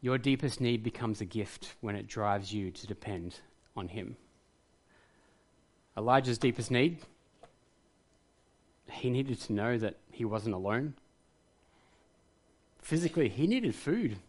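A man's voice: mid-range voice, animated, slow, pauses often. A man preaching a sermon, earnest and reflective, rising to passionate emphasis at times. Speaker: pastor.

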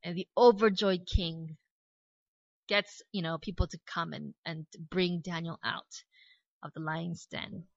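An Australian woman preaching a sermon, retelling a Bible story with lively storytelling and casual asides. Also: on the low side, a little slow, creaky, no room sound. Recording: dry, slightly dull recording.

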